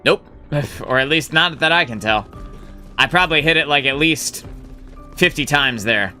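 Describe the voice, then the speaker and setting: A man's voice: on the high side, expressive, moderate pace, pushed and bright, soft background music. A man streaming a game live, rambling casually as he thinks aloud and swears now and then. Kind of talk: casual gameplay commentary.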